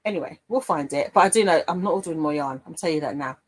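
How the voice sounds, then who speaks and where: A woman's voice: sits low, racing, poor audio. A middle-aged woman hosting a craft livestream, chatting casually and reading out viewer comments with a playful manner. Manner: chatty and playful, warm with viewers, trails off and laughs.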